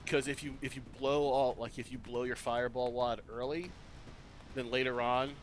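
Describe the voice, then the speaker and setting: A man's voice: medium pitch, fairly even intonation, moderate pace, slight background noise. A man in casual chat among tabletop players, giving advice and repeating his words as he starts.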